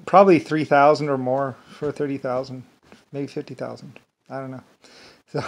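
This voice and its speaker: A man's voice: medium pitch, a little mellow. A man in a rambling casual monologue, chuckling often between phrases as a vlogger.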